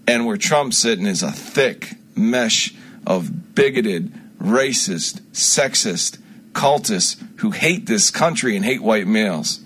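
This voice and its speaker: A man speaking as a self-styled prophet in an unscripted radio monologue, rambling, with frequent restarts and sudden swings from loud to quiet. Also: lowish voice.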